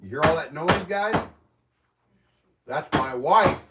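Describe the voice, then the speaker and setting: A Midwestern American man with a fairly high, animated voice takes things slowly while hosting a casual livestream from inside his home. He meets viewer comments with profane, pretend-outraged exclamations. Heavy background noise fills the recording, and he sounds a bit distant from the mic.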